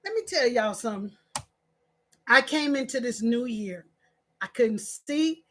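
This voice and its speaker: A woman's voice: a little high, expressive, measured pace, a bit bright, slight background noise. A woman speaking straight to her followers in an emotional, rambling monologue, preachy and scolding like a stern auntie. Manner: impassioned and preachy, rambling with restarts. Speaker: social media creator. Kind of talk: emotional direct-to-camera monologue.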